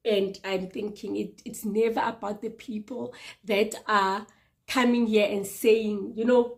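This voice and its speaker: A woman in her thirties sharing a personal testimony in an earnest, halting way, with restarts and repeated words for emphasis. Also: mid-range voice. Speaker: vlogger sharing personal experience.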